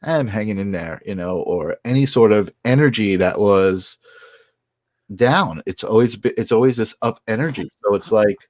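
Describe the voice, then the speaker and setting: A man's voice: lowish voice, normal speed, a little mellow, no echo, studio quality. A man co-hosting a casual talk show, telling a personal story in an earnest, upbeat way. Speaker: podcast co-host. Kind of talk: casual conversation.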